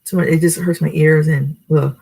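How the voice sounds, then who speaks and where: A woman's voice: low voice, fairly even intonation, normal speed, creaky, mellow, breathy edge, poor audio. A middle-aged woman chatting and giving advice on her video channel from her bedroom, rambling and laughing at herself. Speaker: vlogger. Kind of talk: casual advice vlog.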